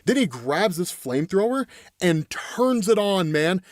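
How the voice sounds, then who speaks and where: A man's voice: high-pitched, big pitch swings, measured pace, no room sound, clean studio sound. A man casually retelling a comic book story, peppering his talk with "right?" and "man" and quoting characters in his own voice. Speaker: comic book recap streamer.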